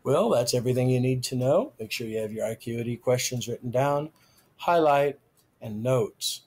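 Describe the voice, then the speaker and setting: Husky man giving a slow grammar lecture. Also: medium pitch, a little mellow. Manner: slow, deliberate, stresses key terms. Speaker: teacher.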